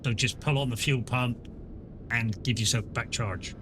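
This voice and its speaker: A chatty man streaming a truck game, rambling from thought to thought at an ordinary middle pitch and laughing often. A steady engine rumble runs clearly under his voice throughout. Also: moderate pace. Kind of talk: casual live-stream chat.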